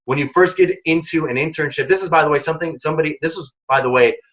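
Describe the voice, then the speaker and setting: A man presenting a career workshop, talking in an emphatic, casual, energetic way. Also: on the high side, quick pace. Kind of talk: career advice talk. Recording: dull lo-fi recording.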